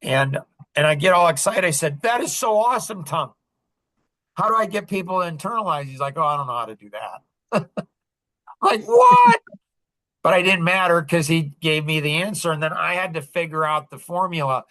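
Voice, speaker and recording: A man's voice: a little high, fairly quick, sharp tone, no room sound. A man hosting a podcast, telling stories casually and acting out the quoted dialogue with lots of animation. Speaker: podcast host. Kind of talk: casual storytelling chat.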